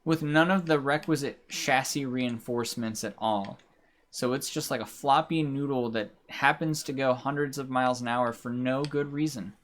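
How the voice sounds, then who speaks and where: A man's voice: medium pitch, normal speed, fairly bright tone, slight background noise. A man giving casual, rambling commentary while live-streaming a racing game, grumbling and swearing at it. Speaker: livestreamer.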